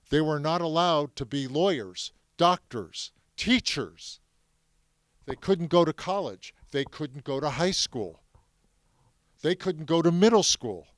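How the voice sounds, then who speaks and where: A man's voice: on the high side, no echo. Man giving an emphatic classroom talk. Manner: emphatic, addresses the audience with questions. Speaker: speaker telling his family's story to students.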